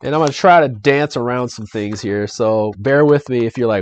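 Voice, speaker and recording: A man's voice: mid-range voice, expressive, fairly quick. A young adult man streaming a solo board game live, chatty and upbeat as he talks to viewers and reads the adventure text. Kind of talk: casual live-stream playthrough commentary.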